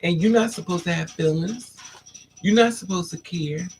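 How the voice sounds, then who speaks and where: A woman's voice: moderate pace, slight background noise. A woman hosting a candid livestream monologue, sassy and blunt, peppering her stories with "honey" and "child" and jumping into dramatic put-on voices. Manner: animated, swings into dramatic high-pitched put-on voices for others. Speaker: livestream host.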